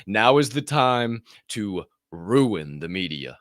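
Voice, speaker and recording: A man's voice: fairly low pitch, very animated, takes it slowly, a bit bright, no echo, studio quality. A man co-hosting a podcast, giving an emphatic, profane motivational speech with punchy repetition. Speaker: podcast co-host. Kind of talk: motivational talk. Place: podcast studio.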